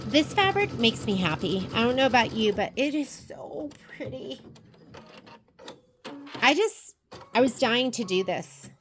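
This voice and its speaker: This woman's fairly high voice is very animated, yet she's unhurried and pauses often. A sewing and embroidery instructor, she chats viewers through a sewing project step by step, speaking right to them while working. The casual craft tutorial comes from a sewing room at a sewing shop, with faint machine noise in the background.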